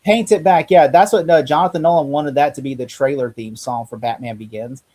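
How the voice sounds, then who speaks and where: A man's voice: mid-range voice, brisk, mellow. A man co-hosting a casual podcast chat, telling rambling film anecdotes and correcting himself as he goes. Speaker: podcast co-host.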